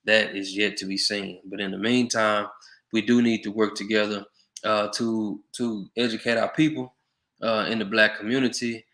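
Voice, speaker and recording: A man's voice: fairly low pitch, level tone, normal speed, a bit bright. A man vlogging to his viewers in a casual monologue, earnestly giving them advice. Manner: earnest, advising viewers directly. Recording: roomy echo.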